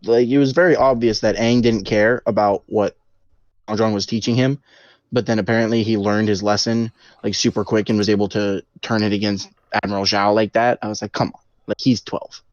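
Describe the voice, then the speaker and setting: Relaxed young man on a dull mic. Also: lowish voice, fairly quick, no echo. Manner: relaxed, slangy, says "bro". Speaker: podcast co-host. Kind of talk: casual chat.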